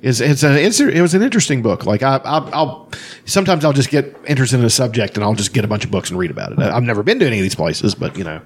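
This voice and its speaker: A man on a podcast with a mid-pitched, lively voice that moves up and down as he talks. He muses and gives his opinions freely. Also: rapid-fire, hardly any pauses, slight background noise. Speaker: podcast co-host. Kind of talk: casual podcast chat.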